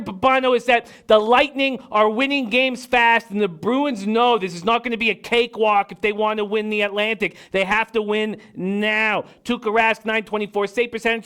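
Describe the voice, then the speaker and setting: A man with a high, smooth, crisp voice hosts a live sports betting show. He rattles off viewers' names and picks with animated, mock-angry energy. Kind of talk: live-stream betting chat.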